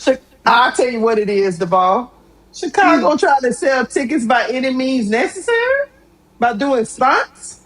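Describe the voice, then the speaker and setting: Animated woman hosting a live sports show. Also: sits high, measured pace, low-quality recording. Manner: animated, exclamatory, laughs a lot. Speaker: sports talk show host. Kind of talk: live sports talk stream.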